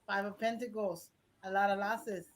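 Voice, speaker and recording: A woman with a Mexican accent reads tarot cards on a live stream. She talks bluntly and swears freely, rambling from card to card. The stream carries a clear layer of background noise under her voice. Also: mid-range voice, fairly even intonation, normal speed. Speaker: tarot reader.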